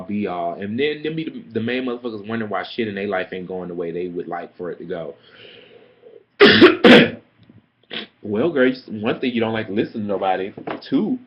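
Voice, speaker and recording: Young guy ranting sassy and profane about work drama, kinda low voice, muffled cheap mic. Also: slightly rough. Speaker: vlogger. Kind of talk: casual storytime rant. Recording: dull lo-fi webcam audio.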